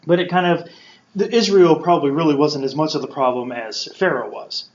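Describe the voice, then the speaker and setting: A man's voice: on the high side, fairly quick. Man teaching scripture in a roomy space. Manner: conversational, acts out quotes playfully. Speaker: podcast host teaching scripture. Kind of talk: casual Bible teaching. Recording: roomy, dull lo-fi sound.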